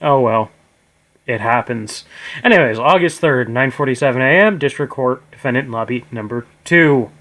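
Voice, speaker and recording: A man's voice: medium pitch, moderate pace, a bit bright, a little hiss or hum, poor audio. A man streaming a live game let's play, reading dialogue aloud in a casual, swearing manner. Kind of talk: casual live gameplay narration. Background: game music.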